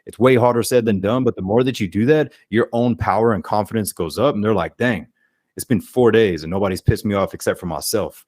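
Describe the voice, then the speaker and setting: A man's voice: lowish voice, a little fast, no echo, studio quality. A man, a guest on a podcast talking casually and energetically, often acting out what people say. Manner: energetic, acts out quoted speech. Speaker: podcast guest, life coach. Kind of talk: casual interview chat.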